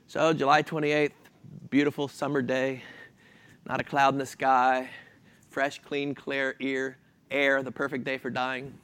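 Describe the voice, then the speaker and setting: A man's voice: medium pitch, unhurried, clean tone. Fifties man, dry and self-mocking storyteller. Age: 50s. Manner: self-deprecating, deadpan delivery with frequent restarts. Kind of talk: humorous personal story.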